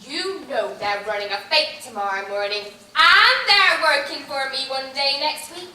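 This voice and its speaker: A woman's voice: sits high, expressive, unhurried, pushed and bright, exaggerated voice. Woman playing a chatty homely farmer's wife. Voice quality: folksy, gossipy manner. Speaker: stage actor. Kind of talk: amateur stage comedy acting. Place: large theatre stage. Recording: echoey theatre stage from far off.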